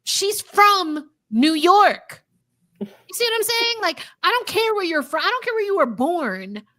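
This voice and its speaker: A woman co-hosting a sports podcast, with a high, bright voice. She talks in an animated, emphatic and playful way, leaning hard on her points. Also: fairly quick. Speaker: podcast co-host. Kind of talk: casual sports chat.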